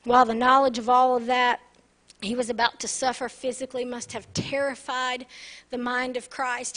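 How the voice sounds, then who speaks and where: A woman's voice: on the high side, flat delivery, moderate pace, a bit bright. A woman pastor preaching an earnest sermon, often turning to the congregation with "right?".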